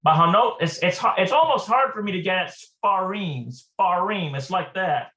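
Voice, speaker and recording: A man teaching a casual language lesson, thinking aloud and slowly repeating words as he works through exercises. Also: sits high, lively intonation, bright, forceful tone.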